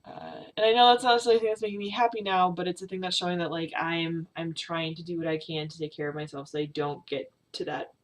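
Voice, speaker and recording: A young woman speaks to her camera in a personal confessional vlog, her voice sitting a little low for a woman. She is close to tears and talks haltingly, stopping and restarting with many fillers. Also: steady tone. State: tearful, on the verge of crying. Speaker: vlogger.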